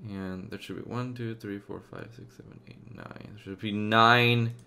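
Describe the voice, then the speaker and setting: A man hosting a game video in casual let's-play commentary, thinking aloud with many fillers, going from loud upbeat asides to quiet muttering. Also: on the low side, steady tone, moderate pace, clear, resonant tone. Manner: loud upbeat openings, then muttering to himself while searching. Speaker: gaming video host.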